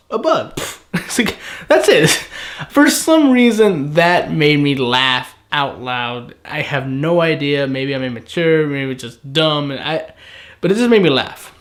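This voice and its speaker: A man giving a casual anime episode review, chatty and animated, often laughing and briefly mimicking characters. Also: a little high. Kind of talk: casual solo review recap.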